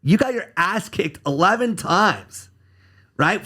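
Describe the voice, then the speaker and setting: A man's voice: sits high, lively intonation, takes it slowly, sharp tone. A man who works as a criminal defense attorney, guesting on a podcast and talking bluntly and sarcastically, cursing freely. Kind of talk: casual podcast interview.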